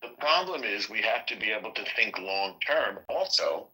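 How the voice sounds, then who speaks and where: Low-voiced emphatic male podcast host. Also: lively intonation, moderate pace, sharp tone, rough recording. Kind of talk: casual political discussion.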